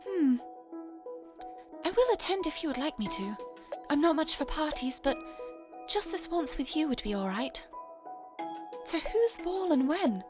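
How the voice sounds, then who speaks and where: A British woman voicing a reserved, gentle queen from a fairy-tale game, speaking softly and unhurriedly. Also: high-pitched, big pitch swings, a little slow, long pauses, over music, voice pushed up.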